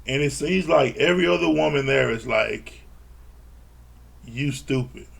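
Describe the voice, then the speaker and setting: A man with a slightly high voice and vocal fry talks a little fast as he recaps a reality TV episode. As a reality TV reviewer, he delivers a blunt, exasperated, casual rant full of free swearing.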